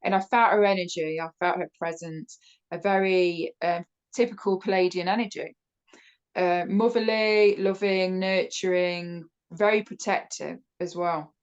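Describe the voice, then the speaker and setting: A woman from the United Kingdom with a British accent, a podcast guest telling a personal story in a casual, animated way, with many fillers and restarts. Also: on the low side, measured pace, clean tone, lo-fi sound. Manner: laughs often while telling the story.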